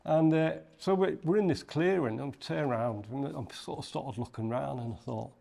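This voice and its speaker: A man from Liverpool, England, with a Liverpool accent, speaks in a mid-range voice with vocal fry at a fairly quick pace. As a podcast guest in casual chat, he tells a story animatedly and acts out the voices he quotes.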